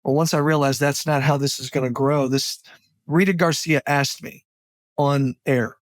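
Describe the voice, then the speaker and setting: A man's voice: on the high side, fairly even intonation, moderate pace, no room sound. A man as a podcast guest, telling his personal story in a heartfelt, candid way, close to the mic. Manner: heartfelt, candid, faith-driven.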